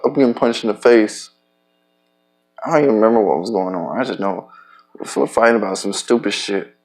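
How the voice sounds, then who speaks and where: Gravelly-voiced man rambling, profane. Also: fairly low pitch. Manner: loose, profane, halting with many restarts. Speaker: vlogger. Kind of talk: rambling personal monologue.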